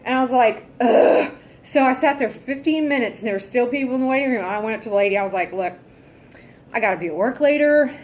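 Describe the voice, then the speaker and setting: A woman's voice: a little high, quick pace, a little mellow, a little hiss or hum. Fed-up, foul-mouthed woman venting. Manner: exasperated, heavily profane, sighing. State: fed up and irritable. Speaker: vlogger. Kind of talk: casual ranting vlog.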